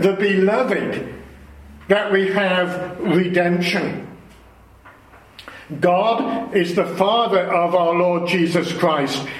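A man preaching a sermon, explaining scripture in a slow, earnest way. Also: high voice, reverberant, poor audio.

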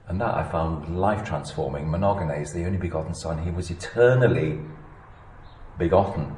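A male preacher. His voice sits a little low, and he drops to near-whispers before rising to emphatic peaks. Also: normal speed, echoey room, low-quality recording. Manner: animated preaching, swinging between hushed and emphatic. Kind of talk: sermon.

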